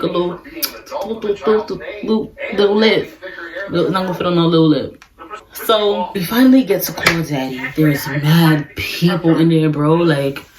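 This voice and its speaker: Slangy, animated young woman with a New York accent. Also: deep voice, low-quality recording. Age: 20s. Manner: animated, slangy, acts out quotes. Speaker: vlogger. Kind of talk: casual storytime vlog.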